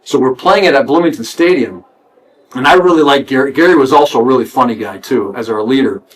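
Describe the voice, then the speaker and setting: A middle-aged former player in casual storytelling, lively and animated. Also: male voice, mid-range voice, fast talker, poor audio.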